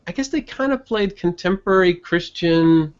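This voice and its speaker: A man chatting casually in an online group hangout, rambling with many restarts and quick chuckles. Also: high-pitched, lively intonation, crowd noise. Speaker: online hangout participant and blogger. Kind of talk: casual group video chat. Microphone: computer mic on a video call. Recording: muffled lo-fi call audio.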